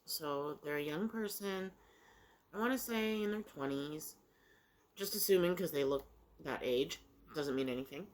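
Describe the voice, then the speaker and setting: A woman's voice: low-pitched, measured pace. A middle-aged woman, chatting casually over breakfast, rambling through a story with many fillers and restarts while she eats. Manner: talks while eating. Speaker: vlogger.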